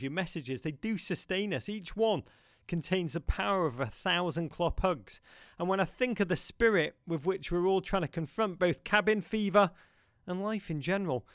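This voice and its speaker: A man delivers a podcast monologue with theatrical passion and playful asides. His voice sits a little high and rings smooth and clear. The sound is dry and close. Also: no echo. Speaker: podcast host.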